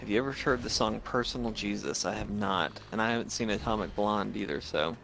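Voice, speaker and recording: A man chatting casually with a friend while they play a game together, relaxed and quick to laugh. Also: lowish voice, gravelly, faint music behind, poor audio. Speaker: co-player on a stream. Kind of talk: casual gameplay chat.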